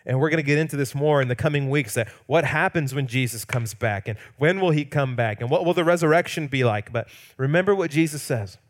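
A pastor preaching a sermon, swinging between loud emphatic peaks and hushed quiet lines, sometimes acting out quoted lines playfully. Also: male voice, fairly high pitch.

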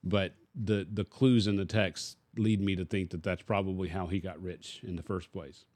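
A man's voice: low voice, fairly even intonation, moderate pace, darkish tone, dry recording. A man, a pastor, teaching casually in a discussion and posing rhetorical questions to his listener.

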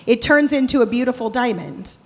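A woman preaching a sermon in a church, expressive, moving between loud lively passages and hushed prayerful ones. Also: fairly high pitch, a little fast. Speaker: church speaker. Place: church sanctuary. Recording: long hall reverb.

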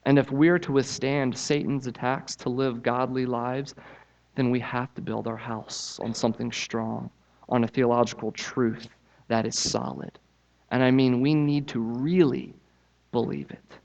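A man's voice: medium pitch, fairly even intonation, unhurried, creaky, a little mellow, lo-fi sound. A man preaching a sermon as pastor, earnest and emphatic as he drives his points home.

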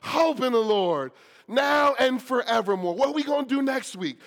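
A man preaching a sermon with rising passion, repeating key lines with slow emphasis, and closing in a hushed, quiet prayer. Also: very high voice, expressive. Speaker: pastor.

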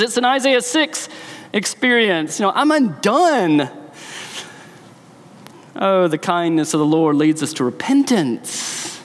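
A man's voice: extremely high pitch, big pitch swings, measured pace, big-room sound. A man, a pastor, preaching a sermon in a church, telling the story with emphasis.

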